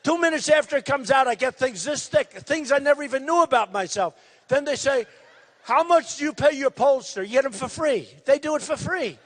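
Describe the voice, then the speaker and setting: Emphatic high-pitched older man at a rally. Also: brisk, long reverb tail. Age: 60s. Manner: loud, repetitive, emphatic. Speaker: political candidate. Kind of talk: campaign rally speech.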